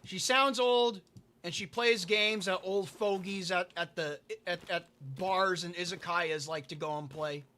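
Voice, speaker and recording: An unhurried man with a high-pitched, pushed, bright voice keeps a steady tone. Muttering to himself while placing blocks in a building game, he answers chat during a casual livestream.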